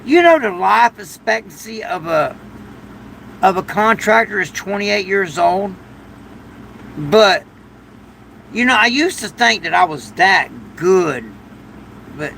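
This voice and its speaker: Older man, gravelly, high voice, slow, rambling livestream chat. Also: animated, a little hiss or hum, low-quality recording. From United States. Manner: rambling, thanks viewers with loud bursts. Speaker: livestream host. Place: shed during a storm.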